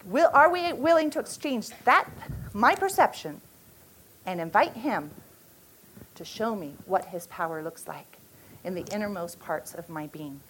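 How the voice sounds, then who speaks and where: A woman in her forties teaching at a church retreat, speaking earnestly with halting restarts and an emotional storytelling manner. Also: medium pitch, animated, fairly bright tone, a little hiss or hum, poor audio.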